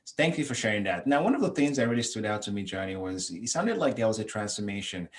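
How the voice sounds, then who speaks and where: A man hosting a podcast interview, asking questions in an appreciative, measured and reflective way. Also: lowish voice, big pitch swings. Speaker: podcast host.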